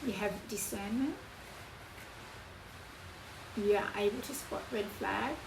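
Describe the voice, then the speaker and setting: A woman's voice: medium pitch, gravelly. Earnest woman reading tarot, echoey room. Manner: emotional, earnest, slow emphatic phrasing. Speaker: tarot reader. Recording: echoey room, voice from off-mic, background noise.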